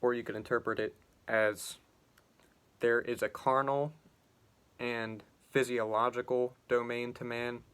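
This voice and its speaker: A man's voice: mid-range voice, level tone, measured pace, long pauses, a bit bright, clear, resonant tone. Musing man talking through a classic novel. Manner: musing, loose phrasing with frequent restarts. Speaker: literature commentator. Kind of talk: reflective book commentary.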